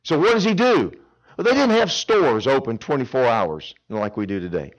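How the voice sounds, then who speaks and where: A male preacher giving a sermon, telling a Bible story in an animated, folksy way with humor. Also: mid-range voice, normal speed, highs cut off.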